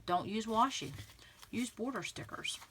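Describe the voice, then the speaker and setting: A woman's voice: a little high, a little slow, a bit bright, a little hiss or hum. A woman hosting a scrapbooking tutorial, talking casually and encouragingly to her viewers, often saying "okay" and "again.". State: clearing throat from pollen. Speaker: scrapbooking channel host.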